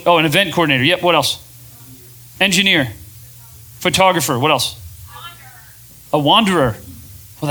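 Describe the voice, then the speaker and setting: High bright-voiced man addressing a crowd. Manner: energetic, asks the crowd questions. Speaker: podcast host and speaker, former pastor. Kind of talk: live talk to an audience. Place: event venue with a live audience.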